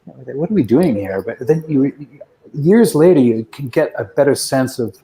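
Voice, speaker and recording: A man in his sixties, a guest musician telling rambling, reflective anecdotes with soft chuckles in a casual interview. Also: medium pitch, lively intonation, moderate pace, noisy background.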